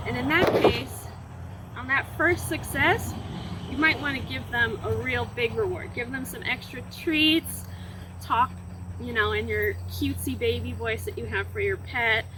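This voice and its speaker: A high-pitched woman explains clicker training outdoors, talking casually while she works with a dog on the grass. The recording is noisy, with plenty of outdoor sound behind her voice. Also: a little slow. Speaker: library program host. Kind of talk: casual instructional demo.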